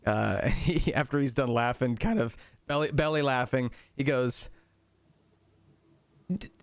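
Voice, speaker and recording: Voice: medium pitch, normal speed, no echo. A game master narrating a tabletop game in a casual, filler-heavy way, close and dry.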